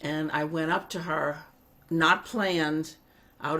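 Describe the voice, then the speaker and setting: Woman, New Orleans accent, earnest storyteller, very low voice, unhurried delivery. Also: steady tone, pushed and bright. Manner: earnest storytelling, clears throat. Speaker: congregant sharing a memory. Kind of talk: personal anecdote.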